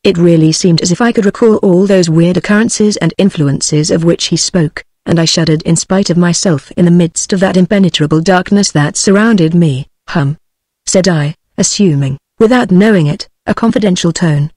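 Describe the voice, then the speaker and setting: A text-to-speech woman's voice with a British English accent, reading a gothic short story aloud in an even, measured way. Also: lowish voice, no room sound, studio quality. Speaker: audiobook narrator. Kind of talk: synthetic audiobook reading.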